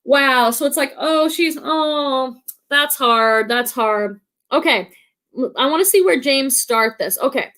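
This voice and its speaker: Brief: bright high-pitched woman, middle-aged, chatty livestream host who laughs easily and rambles with fillers. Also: unhurried. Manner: chatty, warm-hearted, laughs often, many fillers. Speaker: livestream host of a reselling channel. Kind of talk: casual live-stream chat reading comments.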